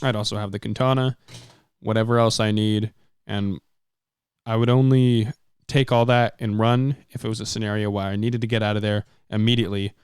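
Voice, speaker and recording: A man's voice: lowish voice, level tone, brisk, darkish tone, clear, resonant tone, no echo, studio quality. A young man hosting a podcast, rambling casually and cursing now and then. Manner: rambling, laid-back, swears casually. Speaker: podcast host. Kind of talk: casual chat.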